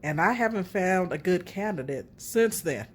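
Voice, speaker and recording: A middle-aged woman hosting a casual relationship talk, candid and animated as she tells her own story. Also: on the low side, breathy edge.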